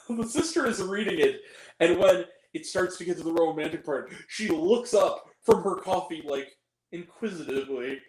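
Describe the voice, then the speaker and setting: Man, film reviewer, sarcastic rant, lively swooping pitch, echoey room. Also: normal speed. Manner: exasperated, sarcastic, laughs at the film. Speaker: movie reviewer.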